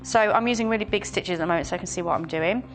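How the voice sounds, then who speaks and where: A woman demonstrating hand stitching step by step, calm and explanatory. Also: lowish voice, rapid-fire, soft background music. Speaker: sewing demonstrator.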